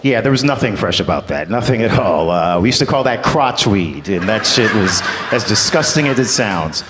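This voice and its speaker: Crude, self-mocking stand-up comedian. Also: male voice, fairly low pitch, lively intonation, normal speed. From US East Coast. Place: comedy club stage. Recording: echoey hall with background noise.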